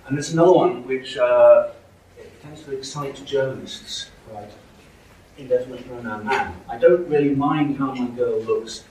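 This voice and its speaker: A man's voice: mid-range voice, moderate pace, a little mellow, distant mic. Guy giving a uni lecture from across a big echoey hall, faint hiss. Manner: explanatory, checks in with "okay?" and "right?". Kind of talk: university lecture.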